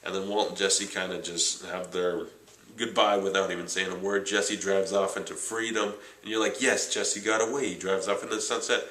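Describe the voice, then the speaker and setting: A man reviewing a TV series in casual chat, retelling the plot excitedly and saying "like" a lot. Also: low-pitched, normal speed, reverberant, poor audio. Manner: chatty, excitable recapping with lots of "like". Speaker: TV show reviewer.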